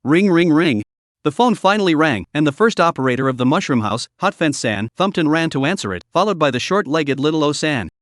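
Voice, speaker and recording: A man narrating a scripted story recap with a lively, expressive reading. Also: on the high side, brisk, dry recording, studio quality.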